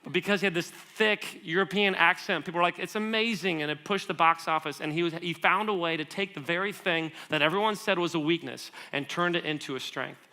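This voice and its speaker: A man giving a guest sermon, conversational and animated, asking the audience questions and telling stories with quick asides. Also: a little high. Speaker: guest speaker.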